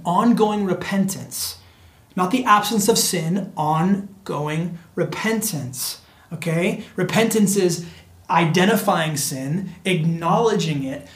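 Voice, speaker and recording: A preacher giving a sermon in an earnest, repetitive way, often calling the listeners friends and sometimes dropping to a hushed near-whisper for emphasis. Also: medium pitch. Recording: echoey room.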